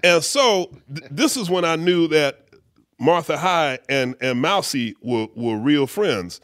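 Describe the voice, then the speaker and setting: A middle-aged man, a bass player, casually telling an anecdote in an interview, acting out quotes with many fillers. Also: expressive, slow pace, fairly bright tone, dry recording, clean studio sound. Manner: laid-back storyteller who acts out quotes, many fillers. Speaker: guest musician, bass player.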